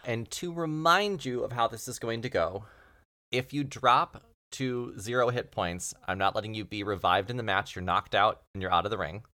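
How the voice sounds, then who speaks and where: A man with a fairly low voice narrates as game master, setting scenes and explaining the rules. His delivery is relaxed and jokey, with the easy pace of a long-running game among friends. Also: normal speed.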